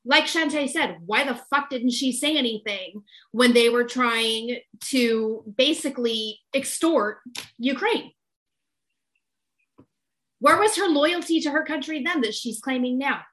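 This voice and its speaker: High-voiced blunt woman co-host. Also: fairly bright tone. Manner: indignant, blunt, quick retorts. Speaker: podcast co-host. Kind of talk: casual panel chat.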